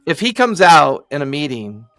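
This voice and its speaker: A man's voice: a little high, big pitch swings, moderate pace, fairly bright tone, no echo, faint music behind. A man co-hosting a gaming podcast, giving strong opinions in a joking way and acting out little scenes. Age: adult parent. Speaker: podcast co-host. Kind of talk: casual opinionated chat.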